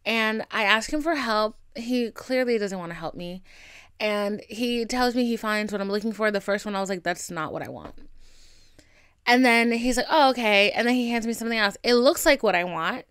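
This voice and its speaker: A woman's voice: a little high, brisk, fairly bright tone, clear, resonant tone, dry recording, clean studio sound. A young woman hosting her own podcast, venting in a candid, chatty and profane way full of asides. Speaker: podcast host. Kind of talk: casual solo venting podcast.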